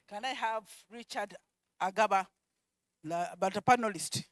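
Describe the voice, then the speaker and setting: A woman presenting at a conference, calling out attendees' names one by one and repeating each, with quiet asides in between. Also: mid-range voice, measured pace, no room sound. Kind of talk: roll call at a conference.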